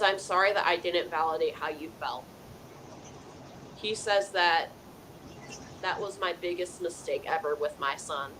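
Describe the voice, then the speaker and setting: A woman with a fairly low voice hosts a live psychic call-in show. She talks earnestly and casually, passing on a spirit's words in first person. A faint hiss sits under her voice. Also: a bit bright, rough recording. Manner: chatty with fillers like "you know". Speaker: psychic medium host.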